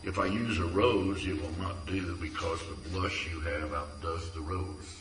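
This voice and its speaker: Deep earnest man reading poems. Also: steady tone, measured pace, a bit bright, a little hiss or hum. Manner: tender, earnest recitation. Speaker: poetry reader. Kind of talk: reading his own poems aloud. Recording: echoey room from far off.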